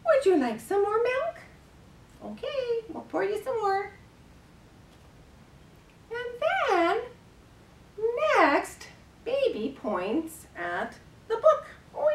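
A woman librarian leading babies and parents through rhymes and action songs, gentle and playful, with exaggerated gasps and animal sounds. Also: high voice. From Canada. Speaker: children's librarian leading baby rhyme time. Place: library program room, recorded on camera. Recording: echoey room, camera at a distance.

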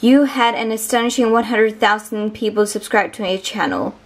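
A young woman from Denmark, a native Danish speaker, chatting casually to camera as a beauty vlogger in a room at home, bubbly and gushing. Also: mid-range voice. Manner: bubbly, gushing, quick asides to viewers. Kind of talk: casual vlog talk to camera. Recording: echoey room.

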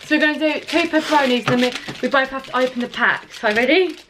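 A woman's voice: high-pitched, fast. A young woman vlogging with her sister, giggly and nervous, chatting casually at home. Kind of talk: casual chat. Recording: noisy home recording.

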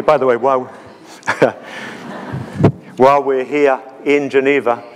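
Man lecturing at a conference, halting delivery full of ums and restarts, mid-pitched voice, long hall reverb. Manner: hesitant, many ums and restarts. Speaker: conference speaker. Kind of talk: lecture with slides.

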